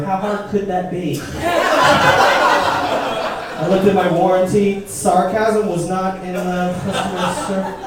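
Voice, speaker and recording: High-voiced comic in echoey club. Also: male voice, flat delivery, unhurried, pauses often, recorded from a distance. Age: 30s. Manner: punchy, asks the crowd questions. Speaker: stand-up comedian. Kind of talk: stand-up comedy set. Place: comedy club stage before a laughing crowd. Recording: echoey club recording from afar, loud noise.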